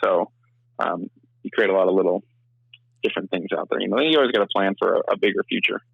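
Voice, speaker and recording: A young man giving a casual interview, talking fast in a rambling way full of restarts. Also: deep voice, creaky, slightly rough, dry recording, lo-fi sound. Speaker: filmmaker and actor, interview guest.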